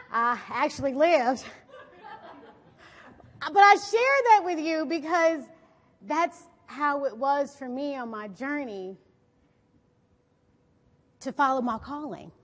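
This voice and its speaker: A woman with a high voice gives an animated inspirational talk from a stage, checking in with her listeners as she tells her story. Her voice rings out with the long reverb of a big hall. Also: slow, pauses often. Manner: animated, often asks the audience "right?". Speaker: motivational speaker. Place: on a stage before an audience.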